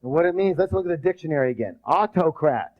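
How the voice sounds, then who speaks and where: Energetic male leadership trainer, call-and-response. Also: fairly high pitch, fast talker. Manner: rambling restarts. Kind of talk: live seminar lecture. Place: seminar room. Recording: dull lo-fi recording.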